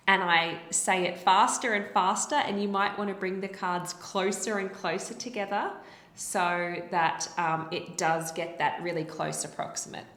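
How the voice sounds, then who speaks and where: A woman speech-language pathologist explaining therapy techniques in an encouraging way and demonstrating speech sounds slowly. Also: lowish voice, steady tone, a bit bright. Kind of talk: instructional explanation. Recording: roomy echo.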